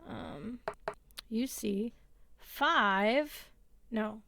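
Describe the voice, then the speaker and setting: Slow, halting woman game master. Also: a little high, lively intonation, gravelly, bright, forceful tone, a little hiss or hum. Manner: halting, with many fillers. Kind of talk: narrating a tabletop game.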